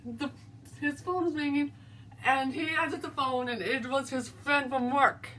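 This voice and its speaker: A woman narrates a spooky story with a casual, rambling delivery, stopping and restarting often. Her voice is high and bright, and slow-paced. She sits a little away from the mic, with faint background noise. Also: fairly even intonation, distant mic, low-quality recording.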